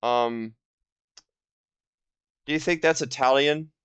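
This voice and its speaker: A man in his twenties giving casual commentary while playing a video game, rambling and halting with lots of fillers and restarts. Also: mid-range voice, a bit bright, smooth, no echo. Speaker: gaming video host. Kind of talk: casual let's-play commentary.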